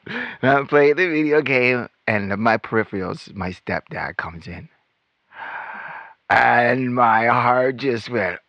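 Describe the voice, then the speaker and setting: A man telling his life story as host of his own channel, animated and acting out remembered lines as he goes. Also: medium pitch, a little slow, vocal fry, dry recording, muffled recording. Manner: animated storytelling, acts out quotes. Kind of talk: personal testimony monologue.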